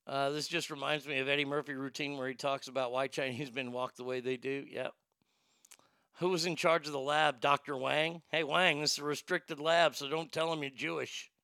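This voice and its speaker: A man's voice: fairly high pitch, steady tone, moderate pace, sharp tone, smooth, no echo, studio quality. A man hosting a comedy show, reading odd news stories and joking about them in a profane, irreverent way. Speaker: host.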